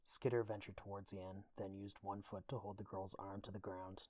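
A man narrating a dark audiobook in a steady, even storytelling voice. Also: sits low, moderate pace. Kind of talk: scripted narration.

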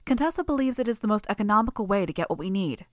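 A woman voicing a composed, authoritative female leader who speaks in a measured, firm way. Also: mid-range voice, animated, dry recording, studio quality, voice pushed up, natural voice. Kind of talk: audiobook character voice.

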